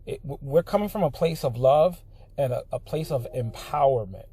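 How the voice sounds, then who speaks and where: A man's voice: medium pitch, lively intonation, normal speed, slightly rough, no echo. A man talking casually straight into the camera, with lots of "you know" fillers, building into a heated rant. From Puerto Rican heritage. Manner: frequent fillers, grows heated and loud. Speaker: vlogger.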